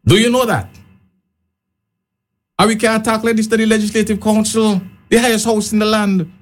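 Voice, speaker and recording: A man's voice: high-pitched, steady tone, moderate pace. Passionate argumentative man. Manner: passionate, argumentative, repeats his point. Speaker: panel guest. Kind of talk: heated debate.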